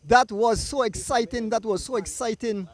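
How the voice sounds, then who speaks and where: A man with a Belizean accent giving excitable live commentary on a cycling race outdoors by the roadside, repeating riders' names in breathless bursts. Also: very high voice, normal speed. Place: outdoors at a roadside finish line.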